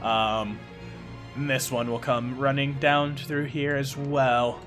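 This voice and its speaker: A man narrating as game master of a tabletop game, casual and halting, with many fillers. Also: mid-range voice, flat delivery, a bit bright, soft background music.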